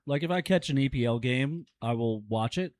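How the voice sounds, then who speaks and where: A man's voice: mid-range voice, expressive, fairly quick, a little mellow. A man in his forties in a casual podcast chat, telling rambling self-deprecating stories. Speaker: podcast guest.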